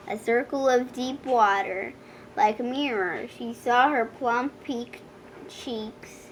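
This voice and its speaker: Woman, children's audiobook narrator, high voice, slow and expressive, faint background hiss. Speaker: storybook reader.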